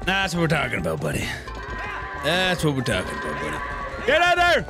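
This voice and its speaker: A man giving let's-play commentary, swinging from high excited yelps to low grumbling mutters and laughing often. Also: a little fast, music in the background. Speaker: gaming YouTuber.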